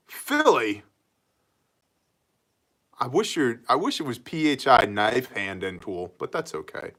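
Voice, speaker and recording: Animated man hosting a live chat. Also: medium pitch. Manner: joking, quick greetings to viewers, animated. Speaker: livestream host reading viewer comments.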